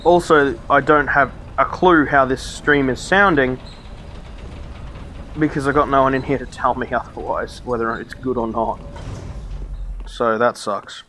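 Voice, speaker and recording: A man streaming a game from home who grumbles, swears and mutters his way through each attempt. His voice sits at a middle pitch and comes through a desk microphone with a faint background hiss. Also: steady tone, unhurried, pauses often, sharp tone. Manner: exasperated, swearing, muttering to himself. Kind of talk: live gameplay commentary.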